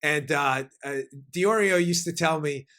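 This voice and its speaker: A man hosting a political commentary podcast, talking in an animated, emphatic way with frequent fillers. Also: a little high, measured pace. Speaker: podcast host.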